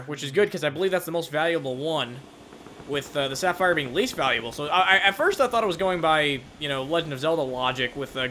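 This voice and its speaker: Fast, bright-voiced gameplay commentator. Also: male voice, fairly high pitch, a little hiss or hum. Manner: excitable, rambling, self-deprecating. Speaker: let's play host.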